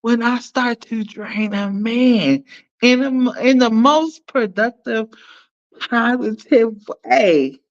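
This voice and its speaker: A woman hosting a casual livestream, playfully chatting with viewers, shouting them out and laughing often. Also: a little high, takes it slowly, muffled recording. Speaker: livestream host.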